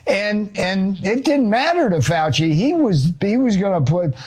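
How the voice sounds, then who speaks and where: A male author and economist, a guest on a talk show, telling an animated story and acting out quotes, with casual swearing. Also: sits high, a little slow, husky.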